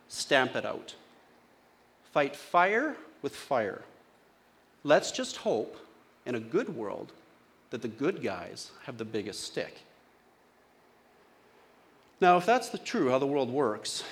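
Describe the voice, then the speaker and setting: Male pastor with a mid-range voice, chatty sermon style, keeps questioning his listeners. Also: medium pitch. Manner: conversational, asks the congregation questions.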